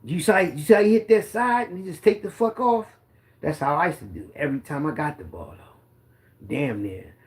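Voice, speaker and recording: A man's voice: fairly high pitch, lively intonation, moderate pace. A man, a former running back telling boastful, profane football stories in a rambling casual monologue.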